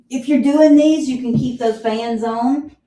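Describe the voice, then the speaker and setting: A woman with a Southern US accent leading a live exercise class, counting reps and giving steady cues, heard from a distance in an echoey room. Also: high-pitched, slow. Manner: counts reps aloud, encouraging cues, clears throat often. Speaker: fitness instructor. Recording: roomy echo, voice from far off.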